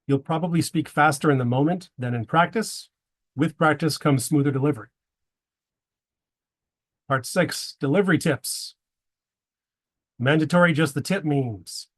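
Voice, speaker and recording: A man's voice: fairly high pitch, measured pace, pauses often. Man presenting with joking asides. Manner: wry, joking asides between tips. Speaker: presenter giving a talk to a men's group. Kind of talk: prepared presentation with dad jokes.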